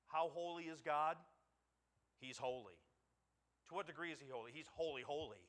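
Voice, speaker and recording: A male pastor giving a sermon, moving from calm teaching to loud emphatic preaching, repeating words and putting questions to the congregation. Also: fairly high pitch, moderate pace, pauses often.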